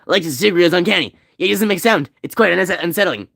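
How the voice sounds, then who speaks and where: A man's voice: sits high, lively intonation, fast, vocal fry, fairly bright tone. A man streaming a game, chatting casually and joking with his viewers in a rambling way. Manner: rambling, joking, talks to chat. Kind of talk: casual gameplay chat.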